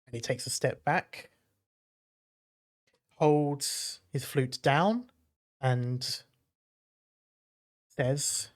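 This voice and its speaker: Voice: mid-range voice, extremely slow, pauses often. A game master narrating a tabletop game, describing the action with frequent hesitations.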